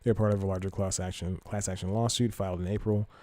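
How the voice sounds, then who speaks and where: A man with a low, mellow voice talks through the news in an offhand podcast style. He wanders and corrects himself as he goes, then reads articles aloud. The sound is dry and close to the mic. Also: fairly even intonation, fast, no echo. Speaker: podcast host. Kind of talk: casual podcast commentary.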